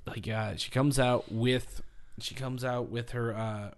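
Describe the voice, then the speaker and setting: A man co-hosting a casual comedy podcast, walking his friends through an old wrestling storyline. He rambles along and slips into quick quoted voices for the characters. His voice sits at a middle pitch for a man. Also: fairly even intonation, clear, resonant tone. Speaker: podcast co-host.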